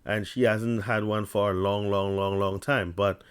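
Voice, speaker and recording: A man's voice: lowish voice, level tone, clear, resonant tone. Man with a stutter and a lisp. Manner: halting, with frequent restarts and tongue-tied slips. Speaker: vlogger. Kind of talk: casual talk to camera, reading an article aloud.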